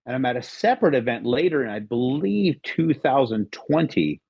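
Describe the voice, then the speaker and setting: A man's voice: medium pitch, very animated, moderate pace, creaky, slightly rough, no room sound, muffled recording. A middle-aged man as a podcast guest, telling a rambling story casually and acting out the lines of the people in it. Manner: rambling, acts out quoted dialogue.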